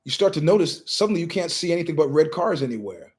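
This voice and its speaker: A man's voice: fairly high pitch, big pitch swings, fast talker, a little mellow. Rambling man telling stories as host. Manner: storytelling, acts out quoted voices. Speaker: show host. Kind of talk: rambling monologue. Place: living room of his house.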